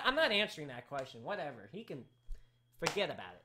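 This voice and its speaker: A man hosting a casual live talk show, excitable and rambling, with his voice cracking and breaking into sudden shouts. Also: fairly high pitch, fast.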